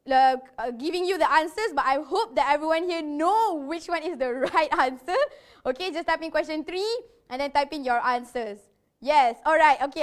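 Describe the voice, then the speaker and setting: A woman hosting an online training event, reading out quiz questions in a chatty, breathless way and repeating herself. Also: sits high. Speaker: event host running quizzes.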